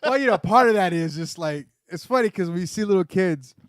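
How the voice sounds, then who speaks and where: A man co-hosting a podcast casually, chiming in with quick reactions and quips. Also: high-pitched, expressive, dry recording, studio quality. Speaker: podcast co-host. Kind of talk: casual chat.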